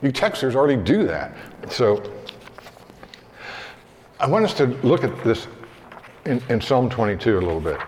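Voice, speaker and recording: A man preaching a sermon in a relaxed, conversational way, reading scripture slowly and with weight. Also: medium pitch, slight background noise. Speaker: pastor. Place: church hall. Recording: long hall reverb.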